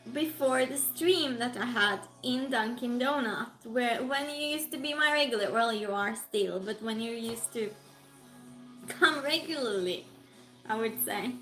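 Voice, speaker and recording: A high-voiced woman with a Norwegian-tinged British English accent hosts a relaxed live stream at an unhurried pace. She greets her viewers one by one and reads their comments aloud. Her voice bounces around an echoey room with faint music underneath. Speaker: livestream host. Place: home room.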